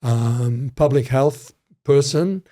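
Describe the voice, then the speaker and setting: A man's voice: medium pitch, slow pace, warm tone. An older man, a criminology professor, telling rambling stories with frequent restarts in a casual interview.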